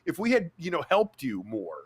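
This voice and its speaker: A man on a casual podcast, eagerly talking through ideas for next year. His pitch moves a lot and sits a little high. The sound is dry and close. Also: wildly swooping pitch, normal speed, a little mellow, slightly rough, no room sound. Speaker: podcast co-host. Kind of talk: casual chat.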